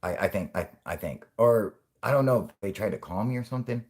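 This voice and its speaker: A stoned young man in his twenties chats loosely into his webcam, rambling through his thoughts and dropping curses every few words. His voice sits on the lower side, and he breaks into laughter often. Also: expressive, a little fast, a little mellow. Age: 20s. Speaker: channel host. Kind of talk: casual livestream chat.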